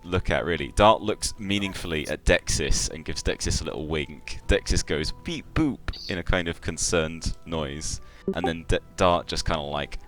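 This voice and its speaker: A man's voice: very deep voice, a bit bright. A man narrating as game master of a tabletop game, rambling loosely with many fillers.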